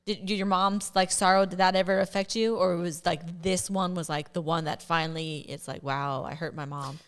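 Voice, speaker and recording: A woman co-hosting a podcast, asking curious, drawn-out follow-up questions in casual chat. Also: lowish voice, fairly even intonation, fairly bright tone, clear, resonant tone. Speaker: podcast co-host.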